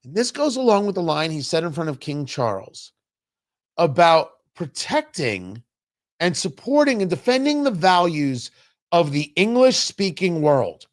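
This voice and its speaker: A man's voice: fairly high pitch, sing-song. A man hosting a political talk show, giving emphatic, opinionated commentary. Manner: emphatic, opinionated, drawn-out pauses for stress.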